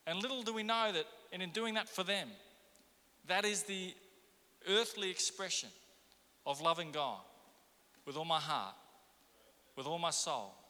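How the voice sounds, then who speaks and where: A man preaching with a high, very bright and cutting voice. He presses the congregation with question after question. The sound carries a long reverb from the church around him. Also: animated, measured pace, pauses often. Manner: impassioned, rhetorical questions to the congregation. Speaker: pastor. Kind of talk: sermon.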